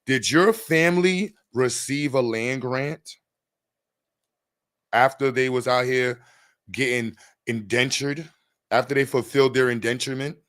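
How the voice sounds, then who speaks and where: A man with a New York accent hosting a podcast, bantering fast and swearing as he jokes. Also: mid-range voice, a bit bright. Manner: profane, joking, rapid banter. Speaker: podcast host. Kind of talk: casual chat.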